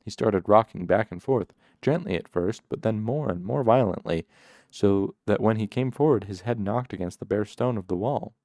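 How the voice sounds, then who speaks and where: A man reading a novel aloud as first-person narration, in a measured, even storytelling manner. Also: fairly low pitch, no echo, studio quality. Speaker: audiobook narrator.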